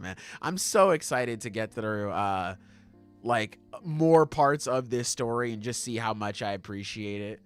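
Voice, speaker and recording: A man co-hosting a casual chat podcast, excitable and slangy, laughing often. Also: fairly low pitch, a little slow, smooth, faint music behind. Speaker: podcast co-host.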